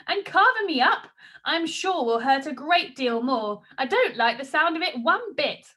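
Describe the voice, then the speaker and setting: A woman's voice: high voice, very animated, a little slow, pushed and bright, heavily acted. A woman voicing a young, indignant talking wooden puppet, protesting.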